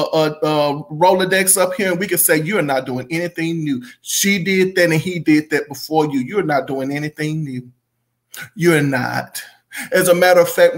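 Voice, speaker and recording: Middle-aged male commentator, slightly high voice, emphatic and repetitive, casual rant. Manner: emphatic, repeats phrases, bursts into helpless laughter. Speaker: music commentary host. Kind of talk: casual opinion monologue.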